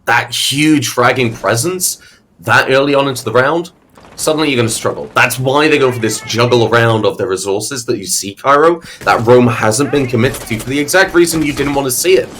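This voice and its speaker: A man calling an esports match play-by-play, energetic and quick with his calls. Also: medium pitch, a little hiss or hum. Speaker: esports commentator. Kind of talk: play-by-play commentary.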